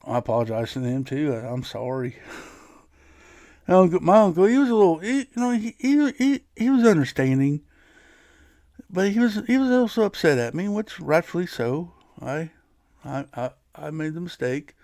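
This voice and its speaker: A man's voice: a little high, very animated, normal speed, a little mellow, no room sound. A man hosting his own podcast, telling a personal story in a casual, rambling way, often restarting his sentences. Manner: rambling, frequent restarts and laughs. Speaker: podcast host.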